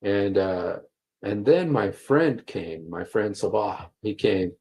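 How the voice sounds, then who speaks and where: A man's voice: on the low side, slow pace, a little mellow, slight background noise, poor audio. A man hosting a livestream, reading passages aloud and commenting with emphatic repetition and frequent fillers. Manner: emphatic, repeats key phrases, many fillers. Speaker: livestream host. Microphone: computer mic while streaming.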